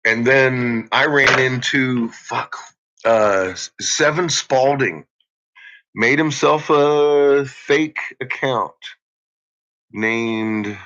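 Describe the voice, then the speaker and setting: A man's voice: medium pitch, sharp tone. A man chatting to viewers on a live stream, rambling and swearing heavily. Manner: profane, rambling, heavy cursing. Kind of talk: casual live-stream chat. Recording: dull lo-fi recording.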